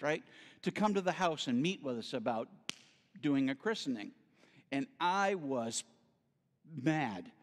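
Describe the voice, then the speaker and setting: A man's voice: on the high side, long reverb tail. A middle-aged man giving a storytelling sermon as a guest speaker, acting out the voices in his stories.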